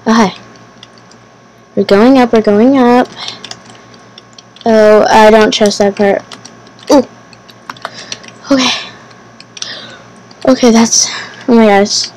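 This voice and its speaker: A woman giving casual gameplay commentary as host of her channel, talking to herself nervously, repeating phrases and bursting into excited exclamations. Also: mid-range voice, slight background noise, rough recording. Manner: nervous, anxious self-talk, repeating phrases.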